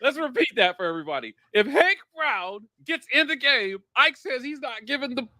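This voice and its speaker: A man co-hosting a sports podcast, animated and excitable, jumping in often on a close mic. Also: extremely high pitch, normal speed. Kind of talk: casual sports talk.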